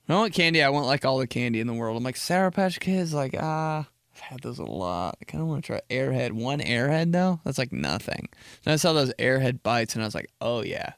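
A young man tells a rambling comic story on his podcast, with a gravelly, fry-heavy voice at a middle pitch. The room sounds dry and close, with no echo. When he quotes people, he slows down and goes low. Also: animated, fairly bright tone. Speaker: podcast host. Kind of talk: casual comedic monologue.

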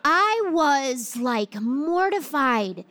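A woman in her thirties preaching a sermon, telling a personal story in a humorous, animated way. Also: high-pitched, extremely slow.

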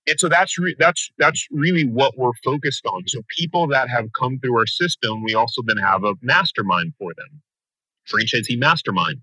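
A man talking as a guest in a podcast interview, coaching franchise owners with an energetic, emphatic motivational delivery. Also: medium pitch, moderate pace, husky, dry recording, low-quality recording.

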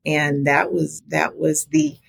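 Animated woman with a gravelly low voice. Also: takes it slowly. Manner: animated storytelling, big pitch jumps on quoted reactions. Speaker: podcast guest, small business advocate. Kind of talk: casual chat.

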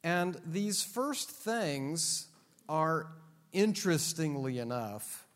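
A man's voice: fairly high pitch, sing-song, drawn-out words, fairly bright tone. A man teaching a Bible class to a live audience, joking and teasing his listeners as he explains the text. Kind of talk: classroom lecture. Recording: long hall reverb.

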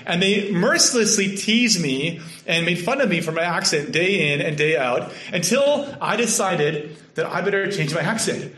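A man from Canada with a Canadian accent, preaching a sermon with earnest storytelling that sometimes drops to a soft hush. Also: high voice, lively intonation, normal speed, hardly any pauses. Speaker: pastor. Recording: echoey room.

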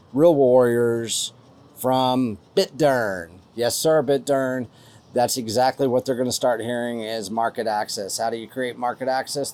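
A man's voice: mid-range voice, darkish tone. Folksy West Texas man, casual host. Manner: folksy, rambling, uses lots of fillers. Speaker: podcast host. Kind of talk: casual podcast chat reading listener donations.

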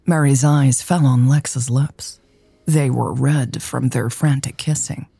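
A woman narrating a romance story in a slow, soft, intimate way, with faint music behind. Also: rumbling low, fairly even intonation, creaky, slightly rough, no room sound.

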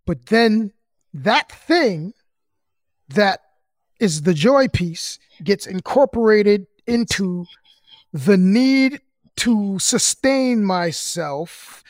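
A man's voice: high-pitched, expressive, no room sound, studio quality. A man hosting a podcast, speaking in a reflective way and working through his ideas aloud in casual chat. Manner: slow, reflective, thinking out loud. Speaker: podcast host.

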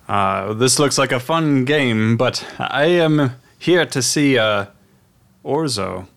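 A man's voice: mid-range voice, expressive, takes it slowly, creaky, fairly bright tone, heavily acted. A man playing a pompous theatrical traveler. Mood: grand. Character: grandiose male traveler with a donkey, theatrical.

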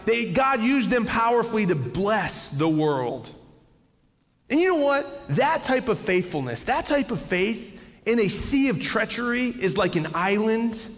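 High-voiced animated preacher in a hall. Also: male voice. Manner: animated storytelling, jumps high when excited. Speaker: pastor. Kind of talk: sermon.

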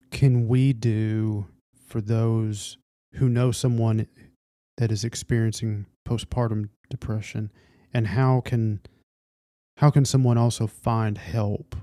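Slow, mellow-voiced male host. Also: on the low side, little pitch movement, dry recording, studio quality. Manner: gentle, reflective questioning. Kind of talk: interview.

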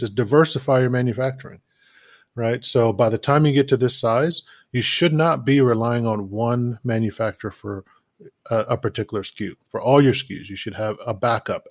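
A man's voice: mid-range voice, brisk, dry recording, clean studio sound. A man giving a practical, conversational talk on scaling product manufacturing, often checking in with the listener. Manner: practical, conversational, frequent "right?" check-ins. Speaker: e-commerce business advisor. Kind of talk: instructional talk.

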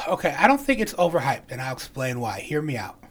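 A man's voice: mid-range voice, very animated, a little fast, a bit bright, slightly rough. A man co-hosting a podcast, chatting casually, laughing often and arguing his point. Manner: laughs often, argues back. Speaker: podcast co-host. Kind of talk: casual chat.

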